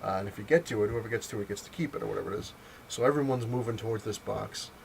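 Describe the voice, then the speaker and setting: Man, low voice, rambling casual comic review with a lot of fillers; faint hiss in the recording. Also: racing, gravelly, low-quality recording. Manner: rambling, lots of fillers and retold dialogue. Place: home, on a couch.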